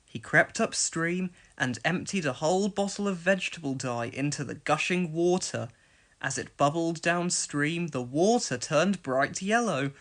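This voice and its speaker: Expressive woman reading a storybook. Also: deep voice, unhurried. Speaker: narrator. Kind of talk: storybook read-along narration.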